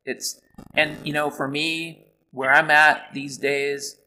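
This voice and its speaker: A man's voice: a little high, flat delivery, slow, bright, forceful tone, slight background noise, low-quality recording. A man in a casual political chat, talking hesitantly, repeating words and swearing now and then.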